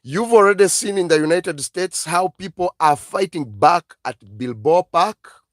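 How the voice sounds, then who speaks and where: This African-accented man from Africa hosts an online channel, pouring out an impassioned live-stream monologue of emphatic, repeated exhortations. He speaks high, expressive and unhurried, and the recording is clean studio sound without any room tone.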